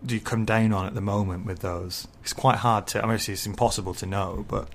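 Thoughtful low-voiced man discussing a book. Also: steady tone, quick pace. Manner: thoughtful, laying out ideas step by step. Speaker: podcast co-host.

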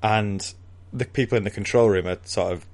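A man with a lowish voice talks through a book chapter in casual podcast chat. He rambles and restarts often, and breaks into laughter along the way. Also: normal speed, darkish tone.

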